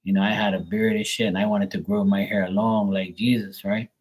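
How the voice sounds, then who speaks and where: A man's voice: flat delivery, fairly quick, breathy edge, poor audio. Foul-mouthed, brash man telling stories. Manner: profane, blunt and boastful; acts out quoted people in a higher, louder voice. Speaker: livestream tarot reader. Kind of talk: casual livestream storytelling.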